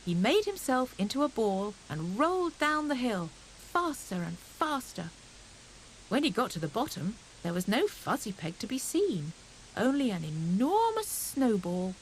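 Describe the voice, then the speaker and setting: A woman narrates a children's storybook in a gentle, expressive way. Her voice sits a little high, moves lively in pitch, and keeps an unhurried pace. A faint cassette hiss runs under the reading. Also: low-quality recording. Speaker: audiobook narrator.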